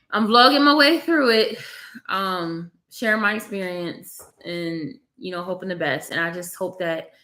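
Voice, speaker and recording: Her voice runs low and a touch bright as the young mother, baby in her lap, shares candid, emotional thoughts with viewers at home. The vlogger, who has three children, sounds close to crying.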